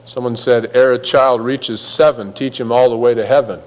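A man's voice: mid-range voice, fairly even intonation, normal speed, in a large hall, rough recording. A man preaching a sermon in a conversational, folksy way, acting out little quotes as he goes. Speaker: pastor.

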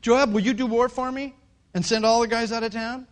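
Self-indulgent king, whiny, played by a man in a high bright voice. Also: animated, fairly quick, heavily acted. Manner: whiny, then sly and leering.

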